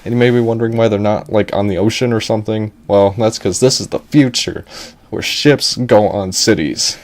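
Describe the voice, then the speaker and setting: A young man narrating a comedic animated story in a rambling, jokey way, interrupting himself with asides. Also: on the low side, moderate pace.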